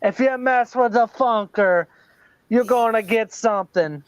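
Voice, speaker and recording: A man doing an impression of a gruff, tough-talking veteran male wrestler who is making menacing threats. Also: high-pitched, measured pace, dry recording. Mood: threatening. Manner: menacing trash talk.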